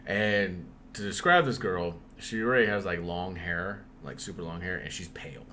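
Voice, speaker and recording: A man's voice: low voice, moderate pace, bright, forceful tone, slight background noise. A young man casually telling a spooky story on a podcast, swearing often and breaking into laughs.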